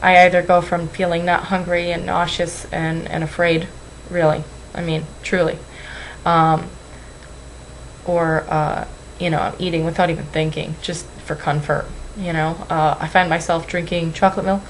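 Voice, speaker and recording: A woman's voice: fairly low pitch, flat delivery, normal speed, slight background noise, rough recording. A young woman vlogging at home into a webcam, rambling and apologizing, anxious and close to tears. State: tearful. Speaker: weight-loss vlogger. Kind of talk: emotional webcam vlog.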